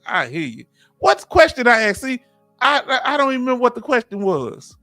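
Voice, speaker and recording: A man's voice: very high-pitched, sing-song, brisk, sharp tone, dry recording, faint music behind. A man hosting a casual live chat, reading viewer comments and telling folksy family stories. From Texas. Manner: folksy, storytelling, reads chat aloud. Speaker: host.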